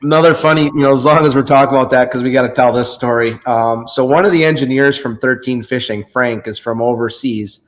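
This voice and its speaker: A man's voice: mid-range voice, a little fast, hardly any pauses, low-quality recording. A man hosting a casual chat, telling a rambling fishing story and often stopping to search for names. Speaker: host.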